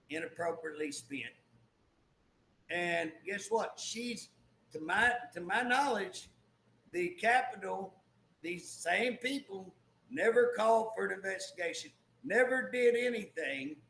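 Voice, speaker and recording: A man's voice: sits high, a bit bright, reverberant, a little hiss or hum. A man, co-hosting a political talk show, ranting emphatically and repeating himself. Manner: emphatic, repeats "guess what", restarts. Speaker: co-host, former state legislator.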